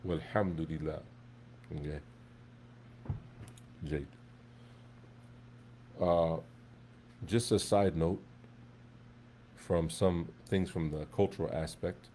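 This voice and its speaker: A man teaching an Arabic class in a relaxed, conversational way, often checking in with his students. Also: deep voice, drawn-out words, long pauses, a little hiss or hum. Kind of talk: live classroom lesson.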